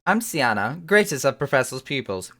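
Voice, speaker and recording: A woman doing a fussy bookish woman scholar, put-on accent, prim and wordy, lively pitch. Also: normal speed, heavily acted.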